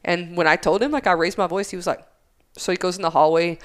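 Animated storytelling woman. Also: lowish voice, rapid-fire, clear, resonant tone. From United States. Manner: animated storyteller who swears freely and acts out both sides of arguments. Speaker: podcast guest, former Air Force instructor. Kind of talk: casual chat, storytelling.

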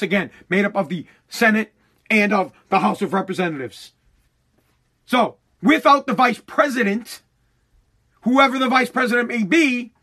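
A man's voice: extremely high pitch, pushed and bright. A man delivering a profane, angry political rant, mocking others in put-on voices.

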